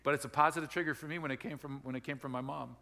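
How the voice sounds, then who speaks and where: A man's voice: medium pitch, steady tone, racing, vocal fry, sharp tone. A middle-aged man from Wisconsin, a pastor giving a conversational, folksy sermon and often repeating and restarting his phrases. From Wisconsin, United States. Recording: long hall reverb.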